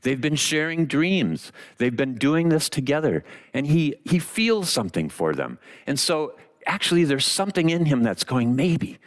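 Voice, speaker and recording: Man preaching, tells the story with big swoops in his voice and dramatic pauses. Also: fairly high pitch, sing-song. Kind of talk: sermon storytelling.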